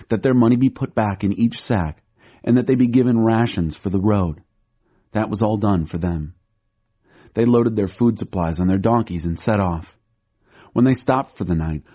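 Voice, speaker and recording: Husky low-voiced man reading scripture. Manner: steady, measured storytelling. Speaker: audiobook narrator.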